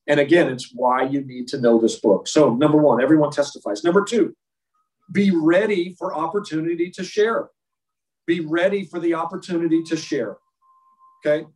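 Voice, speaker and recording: A man's voice: on the high side, moderate pace, darkish tone, far from the mic. A man leading an informal faith lesson for a men's group. He is blunt and joking, and repeats key words for emphasis. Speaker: men's Bible study leader. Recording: roomy sound, speaker away from the mic.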